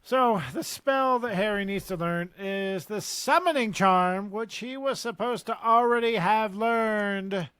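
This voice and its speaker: A man co-hosting a podcast, chatting casually about a book with quick asides and easy laughter. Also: sits high, fairly bright tone, clean tone, no room sound. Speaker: podcast co-host. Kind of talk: casual book discussion chat.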